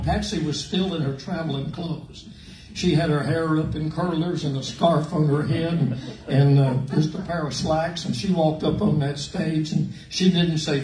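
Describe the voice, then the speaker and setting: A man's voice: fairly high pitch, normal speed. An older man, telling folksy country-music stories to a fan audience. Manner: folksy, relaxed, drawling anecdotes. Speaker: country singer on an artist panel. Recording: echoey room, mic at a distance.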